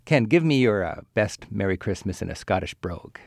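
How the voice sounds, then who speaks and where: A man's voice: lowish voice, very animated, a little fast, gravelly, dry recording, studio quality. A man hosting a radio travel show, asking curious, upbeat questions. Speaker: radio host. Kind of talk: radio interview.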